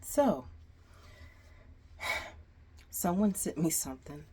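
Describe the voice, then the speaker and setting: A woman's voice: fairly low pitch, big pitch swings, slow pace, warm tone, slightly rough. A woman telling a storytime to her viewers in a casual, exasperated way, sighing often. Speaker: storyteller vlogger.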